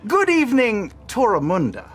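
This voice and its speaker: A man voicing a grandiose male herald who reads the news in booming, theatrical proclamations. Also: huge pitch swings, a bit bright, full character voice. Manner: booming proclamations, dramatic pauses.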